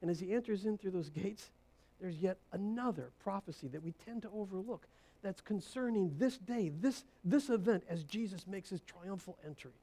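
A woman preaching a sermon, stressing her points by repeating phrases and swinging from hushed low lines to loud rising bursts. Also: expressive, moderate pace.

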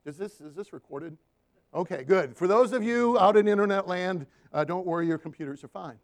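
Speaking a little fast in a voice that sits high, this preacher draws on tales from his counseling practice. His sermon is lively, and he keeps prompting the crowd to answer with amens.

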